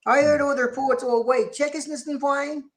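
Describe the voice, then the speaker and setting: A man's voice: very high-pitched, steady tone, normal speed, crowd noise. An Australian man in a fan chat, angry and swearing as he retells what others said. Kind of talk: casual chat.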